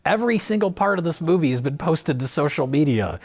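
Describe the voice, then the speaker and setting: A man's voice: a little high, lively intonation, brisk, husky. A man co-hosting a film review show in casual chat, reacting with laughs and then explaining a point at length.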